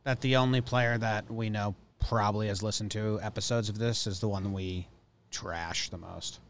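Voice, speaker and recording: A man co-hosting a casual sports podcast, telling stories quickly and loosely, with lots of "like". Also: lowish voice, fairly even intonation, a little hiss or hum. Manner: quick, loose storytelling with many likes. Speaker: podcast co-host.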